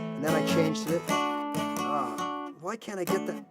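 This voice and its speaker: A man's voice: on the high side, unhurried. Upbeat older man giving guitar advice. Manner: animated, sings snippets, voices his inner brain. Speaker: guitar teacher, channel host. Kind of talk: motivational live-stream talk.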